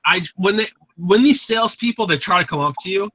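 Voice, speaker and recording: A man's voice: high-pitched, lively intonation, quick pace, a crowd in the background, low-quality recording. A man casually telling rambling, profane stories on an online group call, acting out the dialogue. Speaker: host.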